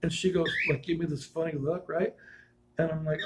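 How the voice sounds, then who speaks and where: Gravelly, rambling man telling stories. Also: fairly high pitch, fairly even intonation, fairly quick, a little hiss or hum, poor audio. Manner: rambling, with frequent restarts and self-corrections; chuckles while telling stories. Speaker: vlogger telling personal stories. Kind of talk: casual personal storytelling.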